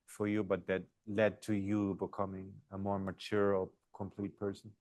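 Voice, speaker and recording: A man hosting an interview, with a very low voice. He asks long questions haltingly, backing up and restarting as he goes. The recording is close and dry. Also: monotone, a little mellow, dry recording. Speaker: podcast host.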